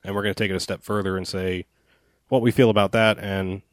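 Deep-voiced guy talking movies fast, rambly, swears a lot, dry close mic. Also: steady tone, no echo. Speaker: podcast co-host. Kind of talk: casual movie chat.

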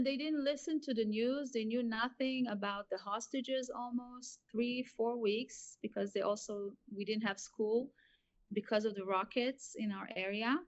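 Emotional Israeli woman, halting speech. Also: on the high side. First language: Hebrew. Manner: halting, emotional, with repeated restarts. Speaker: interview guest. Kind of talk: emotional personal testimony. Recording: muffled lo-fi audio.

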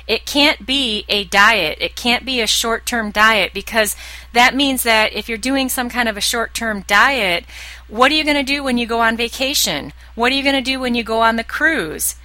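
A woman with a bright, clear, fairly high voice speaks earnestly to her listeners as a weight loss coach in a solo podcast. She now and then acts out their inner voice. The sound is close and dry, with no room around it. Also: moderate pace, no echo, poor audio.

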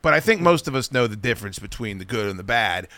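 A man's voice: on the low side, very animated, quick pace, bright, forceful tone, no echo. A man hosting a podcast, telling rambling, profane comic stories and acting out the voices of people in them. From Virginia. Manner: profane, rambling anecdotes with acted-out quotes. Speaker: podcast host. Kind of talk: casual comedic storytelling. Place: podcast studio.

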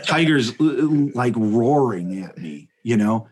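Husky-voiced man telling a rambling story. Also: mid-range voice, a little slow. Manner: animated, rambling, laughs mid-sentence, many fillers. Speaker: podcast guest telling a story. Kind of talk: casual comedic storytelling.

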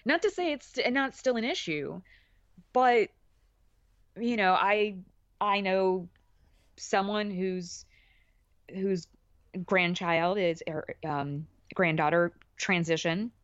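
Animated woman podcast guest, lo-fi. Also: medium pitch, takes it slowly, pauses often, dry recording. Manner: animated, laughing, many restarts. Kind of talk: casual chat. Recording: dull dry lo-fi audio.

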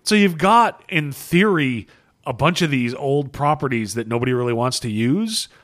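A man's voice: mid-range voice, animated, normal speed, a bit bright. A man co-hosting a casual comic book podcast, rambling and swearing, laughing often, worn out after a long session. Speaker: podcast co-host.

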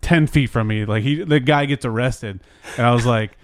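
A man's voice: mid-range voice, normal speed, no echo. A young man telling a story in casual chat, rambling, swearing and filling his talk with "like". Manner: rambling, heavy 'like' fillers, swears, acts out voices in his story.

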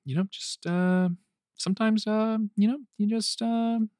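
A man doing a mumbling, halting impression of a TV actor. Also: sits high, steady tone, darkish tone, clean tone, no room sound, studio quality, pitched above the performer's own voice. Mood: hesitant. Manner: halting, full of fillers.

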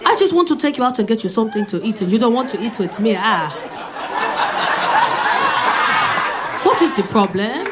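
A woman's voice: a little high, expressive, heavy background noise, lightly acted. A woman putting on a smitten African man, pleading and blunt. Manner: pleading, blunt compliments, halting English. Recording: live club set with loud crowd.

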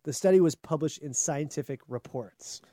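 A man with a high voice reads a science story aloud and riffs on it in a loose, jokey chat. The sound is dry and close, with no room around it. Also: normal speed, mellow, dry recording. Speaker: podcast co-host. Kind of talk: casual chat, reading news aloud.

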